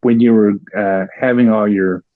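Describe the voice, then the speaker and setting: A man's voice: lowish voice, fairly even intonation, moderate pace, dry recording. A man who is a guest on a podcast, chatting casually and liking to stir the pot, often laughing at his own points. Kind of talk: casual conversation. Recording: dull, dry lo-fi sound.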